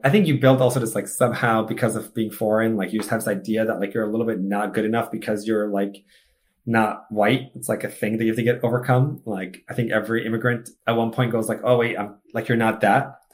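A man's voice: on the low side, fairly even intonation, fast. A man from Egypt with no foreign accent, a podcast guest talking casually and self-assuredly, full of "like". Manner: chatty, peppered with "like", upbeat and self-assured. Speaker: podcast guest, student mentor. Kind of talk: casual conversation.

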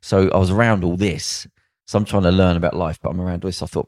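A man's voice: deep voice, steady tone, fast talker, darkish tone, no echo, studio quality. A young man co-hosting a casual podcast, telling blunt, rambling stories full of slang and mimicked voices. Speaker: podcast co-host.

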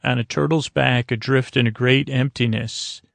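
A man's voice: medium pitch, fairly even intonation, creaky, no room sound, lightly acted. A man voicing a scheming male Victorian villain in a casual retelling, with fillers and halts. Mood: puzzled. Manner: casual quoting inside a recap, halting with fillers.

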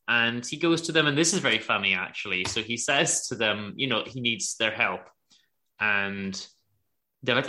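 A man co-hosting a podcast, telling a story in a sarcastic, animated way. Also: mid-range voice. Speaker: podcast co-host. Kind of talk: casual chat reviewing a show.

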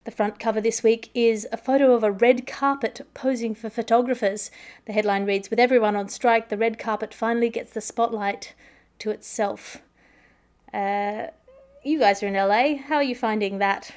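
A woman's voice: a little high, fairly even intonation, moderate pace, darkish tone. Wry woman hosting a comedy podcast. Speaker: host. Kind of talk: comedic news podcast chat.

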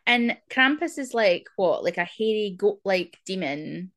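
A woman co-hosting a podcast, chatting casually with quick reactive comments. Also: medium pitch, lively intonation, fairly bright tone, no room sound, studio quality. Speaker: podcast co-host. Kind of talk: casual chat.

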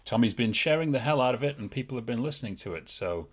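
A man's voice: medium pitch, expressive, fast, slightly rough. A man co-hosting a podcast, talking in an earnest, rambling casual way. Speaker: podcast co-host. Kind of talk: casual chat.

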